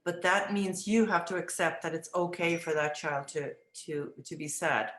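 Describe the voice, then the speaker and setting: A woman's voice: fairly low pitch, moderate pace. Middle-aged woman explaining, roomy sound. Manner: thoughtful, reflective, with frequent restarts; acts out gentle words to children. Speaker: early childhood education director. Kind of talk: interview answers. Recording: roomy echo.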